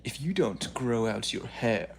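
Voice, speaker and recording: Man doing a pompous, gravelly long-haired guy who worships his own hair and talks slowly. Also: mid-range voice, animated, slight background noise. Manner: slow, pompous, drawn-out delivery. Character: vain long-haired male influencer, boastful, self-adoring.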